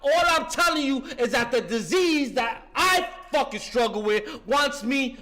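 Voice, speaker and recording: A man's voice: very high-pitched, animated, unhurried, sharp tone, a little hiss or hum. A man in his fifties from New York, giving a passionate, profane recovery testimony and often breaking off with "listen" and "man.". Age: 50s. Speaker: speaker sharing at a recovery meeting.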